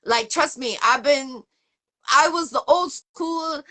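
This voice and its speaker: Upbeat woman hosting, bright voice. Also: high voice, takes it slowly. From Boston area, USA. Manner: rambling, upbeat, full of shout-outs and fillers. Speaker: interview show host. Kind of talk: casual interview chat.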